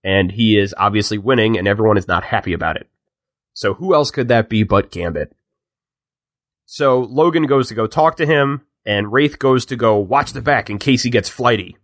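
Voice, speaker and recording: A man's voice: lowish voice, dry recording. Man recapping a film, dry close mic. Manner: chatty storytelling recap with quick asides. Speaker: podcast host recapping a film. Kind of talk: casual chat.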